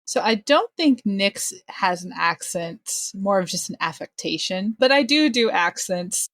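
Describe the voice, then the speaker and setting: A woman chats casually as a podcast guest, laughing often and poking fun at herself. Her pitch sits in the middle, and the sound is dry with no room echo. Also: expressive, unhurried, fairly bright tone. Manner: laughs often, self-deprecating. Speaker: podcast guest and game master. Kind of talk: casual interview chat.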